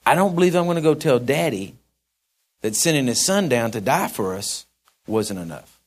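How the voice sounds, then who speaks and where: Folksy preaching man, mid-pitched. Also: sing-song, moderate pace. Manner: folksy, conversational preaching that swells into emphatic shouts. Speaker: pastor. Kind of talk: sermon.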